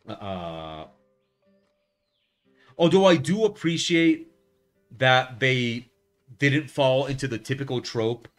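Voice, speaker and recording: A man chatting casually on a live art stream, rambling with lots of fillers and restarts and telling things in a wry way. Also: mid-range voice. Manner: wry, lively storytelling. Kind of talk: casual chat while drawing on stream.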